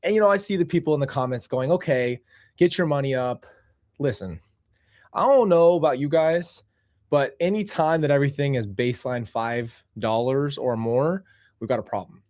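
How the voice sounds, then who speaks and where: A chatty man hosts his own stream in a loose, animated way, venting with playful exasperation and turning to his chat to joke. His voice sits at a middle pitch and comes through close and dry, with no room sound around it. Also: normal speed, dry recording. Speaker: host. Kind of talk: casual livestream commentary.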